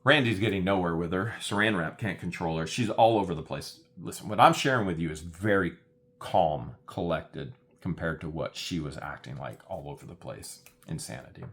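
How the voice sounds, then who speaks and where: A man recapping a deposition in a vlog, mocking and animated. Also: sits low, moderate pace. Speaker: vlogger. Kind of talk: commentary recap.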